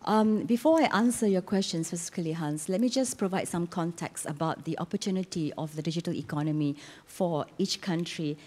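A woman with a sore, failing throat speaks on a conference panel in a fairly low voice. She explains points earnestly and sometimes restarts her sentences. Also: fairly quick, few pauses, darkish tone. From Malaysia. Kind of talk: panel discussion answer. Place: conference hall.

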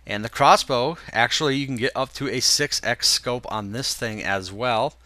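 With no echo, a young gaming video host speaks at a moderate pace in a medium-pitched but stuffed-up voice. He casually comments on a game walkthrough, relaxed, thinking aloud and using fillers.

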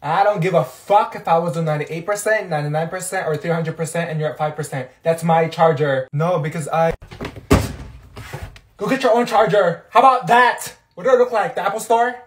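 Man playing a sassy teen girl, loud and foul-mouthed. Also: on the high side, steady tone, brisk, hardly any pauses, slight background noise, lightly acted. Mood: angry. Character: sassy, hot-tempered teenage schoolgirl.

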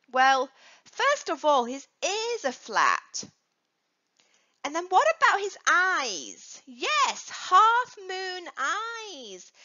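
A woman with a high, pushed, bright voice teaches young children about dog safety, coaxing answers out of them with sing-song questions and playful prompts. The recording is dull and lo-fi.

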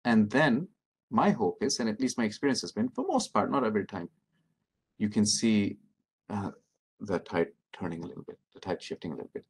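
A middle-aged man leading an interactive training workshop, speaking calmly and encouragingly as he reads out answers from the audience. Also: fairly low pitch, brisk, breathy edge. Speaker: workshop presenter.

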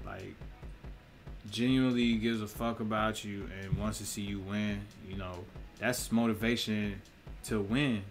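A man's voice: on the low side, fairly bright tone. A young man, a musician, rambling in a casual monologue, full of cursing, slang and laughter. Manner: profane, laughing, slangy storytelling.

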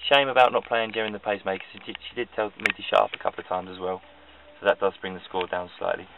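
A man with a lowish, rough voice rambles through a jokey review of a dinner with plenty of ums. The audio is thin and phone-like, and he sounds far from the mic with faint hiss behind him. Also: flat delivery, quick pace. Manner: hesitant, jokey. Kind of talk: comic dinner review to camera. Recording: tinny phone-like camera audio from afar.

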